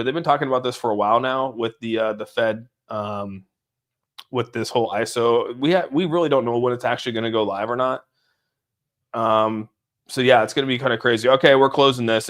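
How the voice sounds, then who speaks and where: A young man hosting a casual crypto livestream. He rambles, laughs often, reads viewer comments aloud and thinks out loud while watching price charts. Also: medium pitch.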